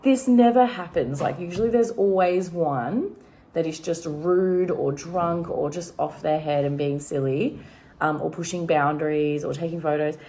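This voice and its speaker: A woman's voice: low-pitched, unhurried, mellow. An Australian woman vlogging casually at home, telling a rambling story full of fillers. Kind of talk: casual chat vlog.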